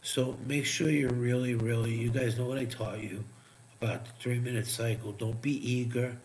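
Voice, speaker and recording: A man giving profane, sarcastic live trading commentary, muttering asides as he checks charts, while his voice is going hoarse. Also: mid-range voice, steady tone, normal speed, darkish tone, slight background noise. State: losing his voice. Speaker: crypto trading streamer.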